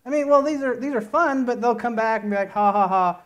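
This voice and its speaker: With a very high, somewhat bright voice, a man talks fast at the start of his conference talk. He playfully works through a long, rambling joke story in the conference room before the presentation proper begins.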